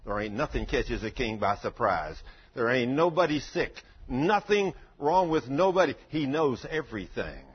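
An older man preaching a sermon in a folksy storytelling way that swells into loud fervor, in a dull lo-fi recording. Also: medium pitch, sing-song, moderate pace, breathy edge.

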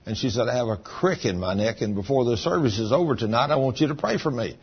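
A man preaching a sermon as a pastor, his voice swinging between loud, high bursts and low, quiet stretches. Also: animated, quick pace, husky, muffled recording. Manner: preaching with big swings in pitch and volume.

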